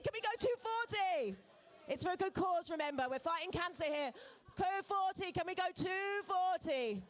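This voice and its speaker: A woman running a live charity auction in a pub, calling bids in a brisk, coaxing, playful way. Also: extremely high pitch, animated. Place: pub event room.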